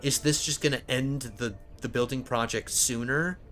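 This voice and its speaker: A man's voice: mid-range voice, fairly even intonation, normal speed, a bit bright, faint music behind. A man hosting a strategy game let's play, thinking aloud and often stumbling over his words. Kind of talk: casual gameplay commentary.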